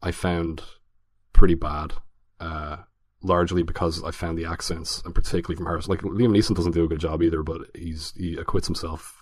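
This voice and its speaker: A man's voice: deep voice, flat delivery, fairly quick, dry recording. A man co-hosting a casual film review podcast, talking hesitantly with many fillers and restarts. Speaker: podcast co-host.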